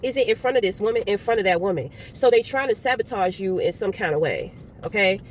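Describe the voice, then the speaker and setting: A woman giving a casual tarot reading, talking bluntly and with plenty of swearing as she tells stories with animated energy. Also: medium pitch, fast talker, slight background noise. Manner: blunt and profane, animated storytelling. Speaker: tarot reader.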